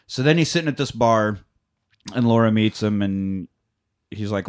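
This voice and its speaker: A man's voice: lowish voice, normal speed, clear, resonant tone. A man in casual chat, retelling a movie's plot in a rambling way, swearing and acting out the characters' lines. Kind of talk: casual chat recapping a film.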